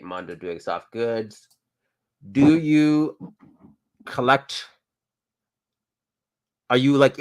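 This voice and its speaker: A man hosting a casual show, chatting about toys and films in an easygoing, rambling way. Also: on the low side. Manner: easygoing, rambling, thinks aloud. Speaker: podcast host.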